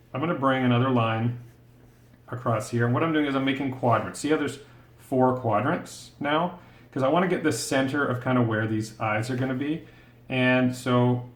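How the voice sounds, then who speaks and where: Patient man teaching drawing, roomy sound. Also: medium pitch. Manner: patient, encouraging, thinks aloud while drawing. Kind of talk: step-by-step drawing tutorial. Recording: roomy echo.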